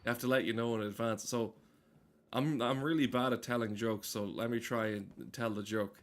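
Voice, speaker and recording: A man's voice: medium pitch, steady tone, moderate pace. Rambling, swearing man gaming. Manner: rambling, crude, self-mocking, many fillers. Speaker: let's play gamer. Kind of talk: casual game commentary.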